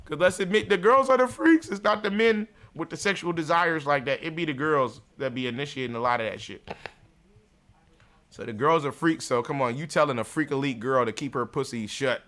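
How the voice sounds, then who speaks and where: A man's voice: mid-range voice, normal speed, bright, forceful tone. A man hosting a livestream, delivering a crude, mocking rant with frequent laughter. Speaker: livestream show host.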